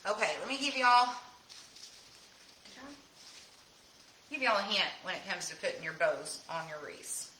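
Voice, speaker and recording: A woman's voice: medium pitch, animated, normal speed, pauses often, sharp tone, a little hiss or hum. A woman from Tennessee with a Southern hill-country accent, hosting a casual live craft demonstration and chatting folksily with viewers. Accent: Southern US, Tennessee hills. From Tennessee, USA. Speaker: craft host. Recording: roomy echo.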